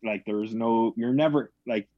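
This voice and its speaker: A man's voice: mid-range voice, normal speed, dry recording. A man in casual chat about horror films, rambling with lots of fillers and restarts. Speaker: podcast co-host. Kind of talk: casual film discussion. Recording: dull, dry lo-fi sound.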